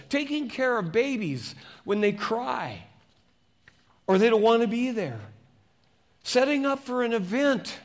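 A man preaching as a pastor, reading scripture slowly and turning to the congregation with conversational questions. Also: extremely high pitch, sing-song. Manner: reads scripture slowly and deliberately.

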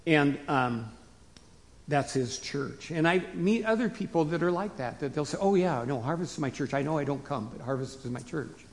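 A man delivers a casual, folksy sermon with a fairly high voice. His voice rings out with a long reverb in a church sanctuary. He jumps to loud emphatic bursts, then falls back to soft asides. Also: lively intonation, moderate pace. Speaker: pastor. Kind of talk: conversational sermon.

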